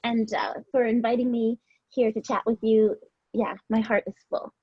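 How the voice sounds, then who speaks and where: A woman's voice: fairly high pitch, little pitch movement, normal speed, husky, no room sound. A woman guest on a podcast in a heartfelt, casual conversation, gushing with thanks, using lots of fillers and repeating herself. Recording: dull, dry lo-fi audio.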